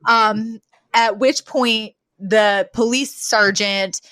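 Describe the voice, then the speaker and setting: A woman co-hosting a podcast, recapping a sitcom episode in a casual chat and acting out the characters' lines with lively retelling. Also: on the high side, extremely slow, no room sound. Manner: animated retelling, acts out quoted lines. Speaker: podcast co-host.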